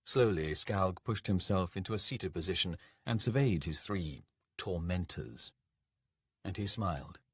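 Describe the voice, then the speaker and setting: Male narrator, slow, husky, low voice, dry close sound, dark fantasy audiobook. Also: animated, no room sound.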